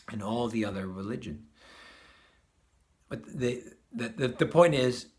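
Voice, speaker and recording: A man giving a casual spiritual talk as a teacher, often restarting phrases and chuckling at his own points. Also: medium pitch.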